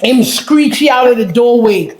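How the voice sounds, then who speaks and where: A woman telling a story with animated energy, laughing and breaking into shouts. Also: fairly high pitch, moderate pace, echoey room, slight background noise. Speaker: podcast guest.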